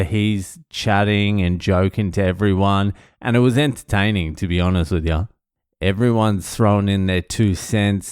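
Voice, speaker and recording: Aussie guy rambling a sweary story, smooth voice, dry close sound. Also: sits low, a little mellow, no room sound. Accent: Australian. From Australia. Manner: sweary, self-mocking anecdote with laughs. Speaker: vlogger. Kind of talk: casual storytelling.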